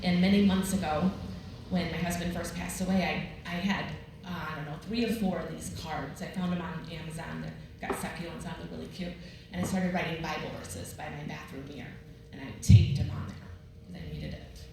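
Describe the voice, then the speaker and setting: Woman, lower voice, devotional retreat talk, storytelling, very echoey room, background noise. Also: fairly even intonation, fairly quick, hardly any pauses. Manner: chatty storytelling with laughs. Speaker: retreat speaker. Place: large room at a ladies' retreat. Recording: very echoey, distant, noisy room recording.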